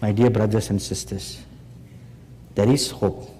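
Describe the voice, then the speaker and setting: A man preaching a sermon slowly and emphatically, pressing the audience with rhetorical questions. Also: on the low side, fairly even intonation, warm tone, slight background noise. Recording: long hall reverb.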